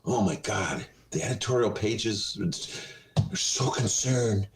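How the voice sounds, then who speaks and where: A man hosting a casual political talk show, sarcastic and quick to laugh. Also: on the low side, lively intonation, slight background noise. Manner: sarcastic, laughs often, jumps into silly voices. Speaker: podcast host. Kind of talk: casual comedic political chat. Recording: echoey room.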